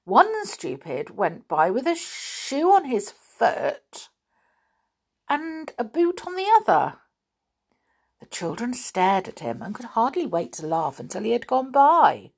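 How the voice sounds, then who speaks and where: A woman narrates a children's story at a slow, deliberate pace. Her pitch rises and falls widely, giving each sentence a storytelling lilt. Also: creaky, slightly rough. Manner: expressive, unhurried.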